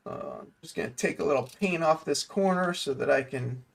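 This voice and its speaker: A man's voice: on the high side, a little fast, creaky. A man hosting a livestream, talking casually and joking while he works on a model kit. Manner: relaxed, joking, thinking aloud while working.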